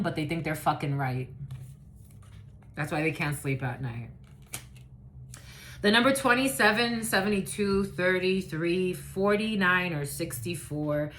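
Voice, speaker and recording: A woman's voice: lowish voice, fairly bright tone, a little hiss or hum. A woman who swears freely and rambles, giving a casual psychic reading as a channeler. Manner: profane, rambling, confiding.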